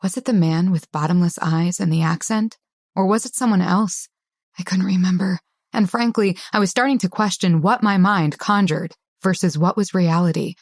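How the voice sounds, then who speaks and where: A woman narrating an audiobook in a tense, measured first-person style. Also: fairly low pitch, darkish tone, no room sound, clean studio sound.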